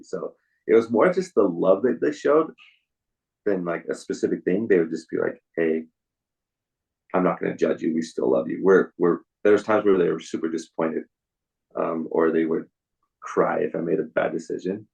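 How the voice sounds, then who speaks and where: A young man as a podcast guest, telling his story in a soft, halting way with many restarts. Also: low-pitched, vocal fry, slightly rough, muffled recording. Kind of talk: casual interview storytelling.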